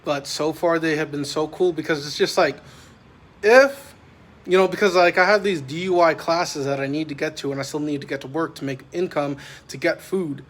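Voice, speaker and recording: A man's voice: a little high, moderate pace. A man talking casually in a vlog, rambling and meandering with constant filler words. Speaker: vlogger. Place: parked vehicle at night, microwave nearby.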